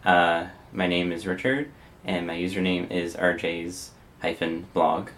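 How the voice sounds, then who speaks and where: Low-voiced young Canadian man. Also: steady tone, measured pace. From Windsor, Ontario, Canada. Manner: hesitant, frequent uh fillers, soft-spoken. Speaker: vlogger. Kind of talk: casual accent challenge reading.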